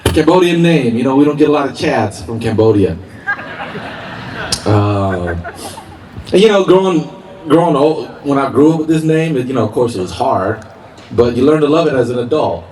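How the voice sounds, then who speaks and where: A man's voice: medium pitch, animated, moderate pace, a little mellow. A man performing a stand-up comedy set in a park, laughing through his punchlines. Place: outdoor park stage. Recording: roomy open-air sound from far mic with noise.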